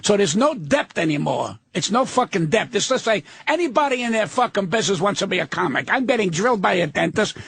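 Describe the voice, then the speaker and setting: Older male guest comedian, gravelly and husky, profane ranter, fairly high voice. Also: sing-song, fairly quick, few pauses, fairly bright tone. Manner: profane, ranting, blunt. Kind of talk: radio talk show chat.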